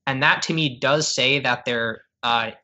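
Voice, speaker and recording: A man's voice: mid-range voice, unhurried, pushed and bright. A man co-hosting a podcast in casual chat, speaking hesitantly and often restarting his sentences. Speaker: podcast co-host.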